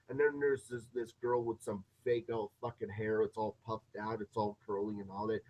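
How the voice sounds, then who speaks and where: A man ranting off the cuff, profane and meandering. His voice is low and husky. The sound is dull and lo-fi. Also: level tone, normal speed, hardly any pauses, a little mellow. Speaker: vlogger. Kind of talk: rambling casual rant.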